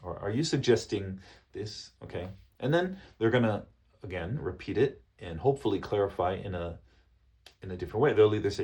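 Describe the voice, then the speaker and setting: A man coaching business English, explaining phrases patiently and repeating each example slowly with frequent checks like "okay?". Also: lowish voice, expressive, mellow. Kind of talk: business English lesson to camera.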